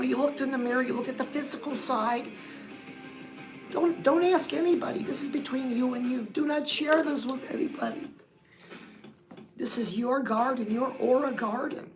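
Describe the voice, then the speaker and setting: A woman with a high, gravelly voice hosts a livestream pep talk, coaching her listeners in a sassy, direct way and calling them "girl." The recording is rough.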